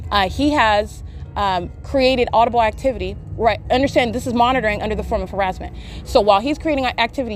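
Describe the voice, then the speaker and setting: A woman podcaster giving live, insistent commentary outdoors by a street, with frequent filler sounds. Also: mid-range voice. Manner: rapid, insistent talk with many filler sounds. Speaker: podcaster documenting in real time. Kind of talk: live self-recorded commentary. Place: outdoors beside a street, sitting in shade. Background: passing traffic and plane engines.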